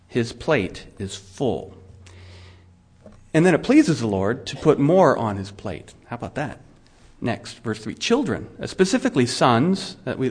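A middle-aged male pastor preaching a sermon in a conversational way, asking his listeners questions and often restarting his words. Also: medium pitch. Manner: frequent restarts and repeated words.

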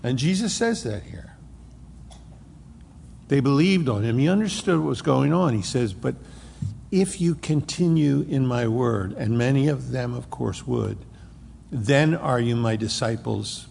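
A man's voice: mid-range voice, animated, unhurried, vocal fry, darkish tone. A male pastor preaching an expository sermon, explaining scripture verse by verse. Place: church sanctuary. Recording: reverberant hall with faint noise.

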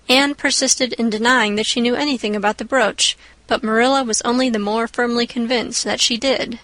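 A woman narrating a classic storybook audiobook in a measured, expressive way. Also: fairly high pitch, no echo, low-quality recording.

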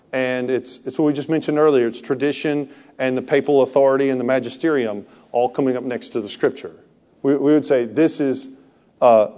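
A man's voice: medium pitch, warm tone. A pastor giving an earnest evening teaching, often restarting and repeating words as he talks.

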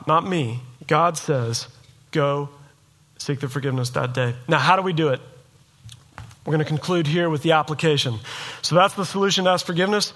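Emphatic preaching man, higher voice. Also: fairly bright tone. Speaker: pastor. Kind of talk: sermon.

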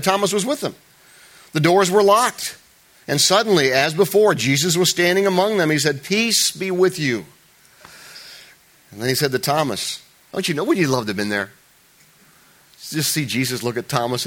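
A male pastor giving a relaxed, conversational sermon, his pitch swinging widely from low asides up to bright, emphatic peaks. He talks informally to the congregation, tosses in joking remarks, and often restarts his sentences as he goes. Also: moderate pace, pauses often.

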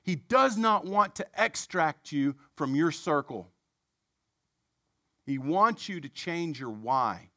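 Animated man telling a sermon story. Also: fairly high pitch, slow pace, no room sound, clean studio sound. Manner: conversational and animated, with self-deprecating asides. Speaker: preacher.

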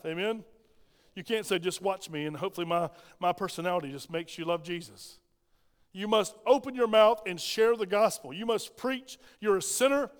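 Middle-aged pastor, high voice, chatty sermon that jumps from soft asides to loud bursts, big echoey church. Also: male voice. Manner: lively, conversational preaching with asides to the congregation. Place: church sanctuary. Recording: long hall reverb.

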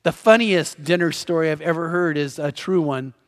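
A man preaching a sermon as pastor, telling a story in an animated way and acting out the voices of the people in it. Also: fairly high pitch, normal speed. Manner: animated, acts out quoted voices. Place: church sanctuary. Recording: long reverb of a large hall.

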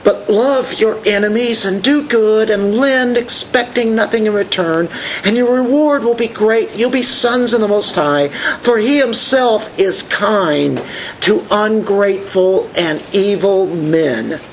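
A man's voice: high voice, measured pace, a little hiss or hum, poor audio. A man preaching a sermon as a pastor. He reads scripture aloud and puts questions to his congregation.

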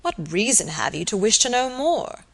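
A woman's voice: mid-range voice, very animated, moderate pace, gravelly, fairly bright tone, exaggerated voice. Woman reading a polite, reserved country surgeon, proper Victorian manners. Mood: stiff, indignant. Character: quiet, proper middle-aged male village surgeon.

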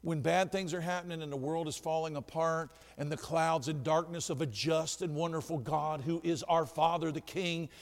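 A man with a high-pitched voice preaches a sermon, dropping to hushed asides and then rising to shouts. His voice rings through a hall with a long reverb. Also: fairly even intonation, normal speed, hardly any pauses. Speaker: pastor.

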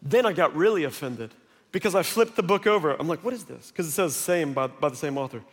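Animated high-voiced male preacher, hall reverb. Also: a little fast. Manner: animated storytelling with acted quotes. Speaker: pastor. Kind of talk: sermon. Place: large church hall.

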